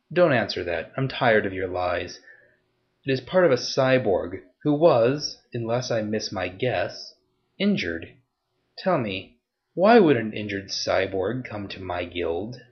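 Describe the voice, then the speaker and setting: A ruthless young woman interrogates quietly, her voice low, soft and steady with menace, as a male narrator puts her on. The audio is slightly dull and muffled. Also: slow pace, heavily acted. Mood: menacing.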